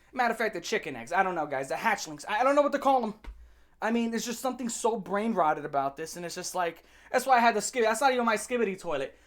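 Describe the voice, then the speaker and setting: A woman ranting in commentary, heated and mocking, rambling with many restarts. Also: mid-range voice. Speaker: commentary ranter. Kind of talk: rant commentary.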